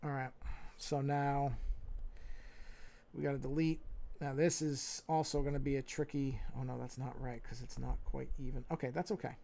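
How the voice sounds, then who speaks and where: A man with a New York accent, livestreaming as he draws, thinking aloud in a relaxed way, muttering to himself and correcting his own moves. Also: mid-range voice, moderate pace, creaky. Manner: talks to himself, muttering and repeating phrases. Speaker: livestreaming artist. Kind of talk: casual think-aloud commentary while drawing.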